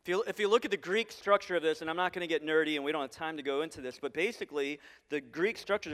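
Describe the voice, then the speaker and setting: A male pastor preaching a sermon to a large congregation, animated and acting out the voices he quotes. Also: high-pitched, big-room sound. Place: large church hall.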